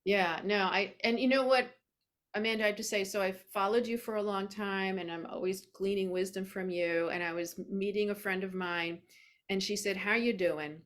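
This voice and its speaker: A woman hosting an interview, chatting warmly and emotionally about her own experience. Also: medium pitch, steady tone, normal speed. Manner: warm, emotional, chatty storytelling. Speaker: podcast host. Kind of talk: casual interview.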